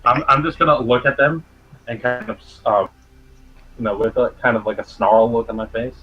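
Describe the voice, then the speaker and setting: Husky hesitant man player. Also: mid-range voice, fairly even intonation, moderate pace, muffled recording, soft background music. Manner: hesitant, many fillers. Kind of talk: tabletop role-play.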